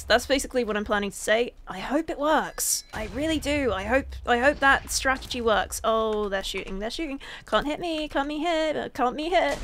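Young female gaming creator, high voice, rambling and self-mocking, comically dramatic. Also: moderate pace, a bit bright, a little hiss or hum. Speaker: gaming YouTuber. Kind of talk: casual gameplay commentary.

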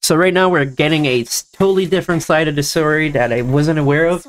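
Reading visual novel dialogue aloud, this young gameplay narrator jumps quickly between voices for each character and cracks jokes along the way. He speaks on the high side, over faint background music.

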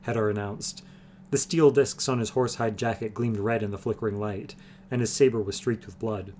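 A man's voice: lowish voice, brisk, a little mellow, slight background noise. A man reading a fantasy novel aloud on a livestream, earnest and easygoing between chapters. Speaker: reader.

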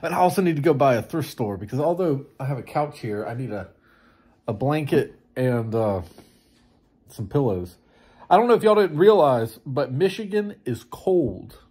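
Chatty, self-mocking man with a lively voice. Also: mid-range voice, normal speed, husky. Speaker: vlogger. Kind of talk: casual vlog chat. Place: out and about in a town in winter.

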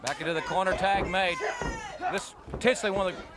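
A man's voice: sits high, fast talker. A man giving folksy, rambling color commentary on a wrestling match. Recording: loud noisy broadcast with crowd.

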